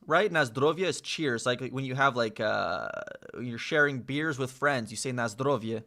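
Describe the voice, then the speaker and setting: An American man hosting a casual live chat, slowly sounding out words with many fillers and pauses. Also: medium pitch, vocal fry, sharp tone. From United States. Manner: slow, hesitant, full of fillers, sounding out words. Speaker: livestream host learning Polish.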